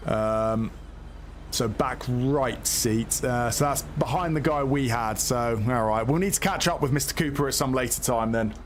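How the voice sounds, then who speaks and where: A man commentating his gameplay live, hesitant and chatty and full of fillers as he thinks aloud. His voice sits at an ordinary middle pitch. A faint hiss runs underneath. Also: normal speed. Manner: hesitant, chatty, lots of fillers and self-talk. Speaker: streamer playing a police game.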